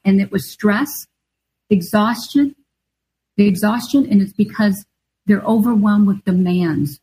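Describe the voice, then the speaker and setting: A woman's voice: medium pitch, steady tone, measured pace, a little mellow, breathy edge, low-quality recording. A middle-aged woman, an author and guest, telling a personal story in an earnest, confessional way. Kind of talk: storytelling interview answer.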